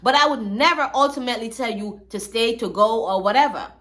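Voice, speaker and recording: A woman's voice: fairly high pitch, a little fast, fairly bright tone. A woman hosting a commentary channel, talking in a chatty, slangy storytelling way. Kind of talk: casual commentary.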